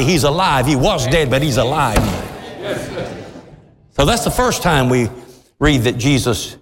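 A male pastor preaching a sermon, building to sudden shouts, with a congregation calling back. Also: on the high side. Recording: echoey hall with crowd responses. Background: congregation calling out responses.

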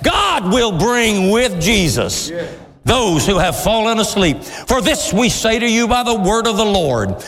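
A man preaching a sermon with passion, his voice climbing into shouts at its peaks. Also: high-pitched, in a large hall. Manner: impassioned, rising to shouts.

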